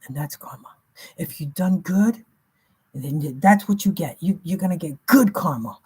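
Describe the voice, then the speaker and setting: A woman's voice: lowish voice, expressive, normal speed, mellow, husky. A woman giving an emphatic, repetitive spiritual reading in a slangy, casual way. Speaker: spiritual reader.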